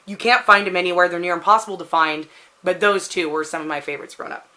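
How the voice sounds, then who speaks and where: Woman, 30s, Pacific Northwest American accent, rambling vlog chat, bright tone, lowish pitch. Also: quick pace. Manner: rambling, chatty, frequent "like" fillers. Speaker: vlogger answering a question tag. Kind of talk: casual chat.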